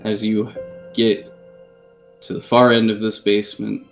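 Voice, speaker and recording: A man's voice: lowish voice, level tone, creaky, soft background music. Man narrating a grim tabletop game. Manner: slow, deliberate, grim narration. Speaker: game master.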